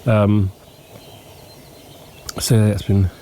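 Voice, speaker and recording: A man with hay fever, sniffling and clearing his throat, casually narrating a walking tour outdoors at dawn. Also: fairly low pitch. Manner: relaxed, unhurried, frequent ums and pauses. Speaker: homestead vlogger. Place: outdoors in a countryside yard at dawn. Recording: faint outdoor noise with birds. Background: birdsong and insects.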